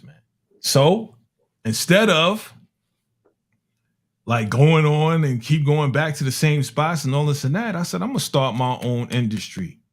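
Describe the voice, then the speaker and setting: A middle-aged man from Harlem, telling animated, slangy stories in casual chat and acting out the voices of people in them. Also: a little high. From Harlem, New York. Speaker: music producer telling stories on a talk show.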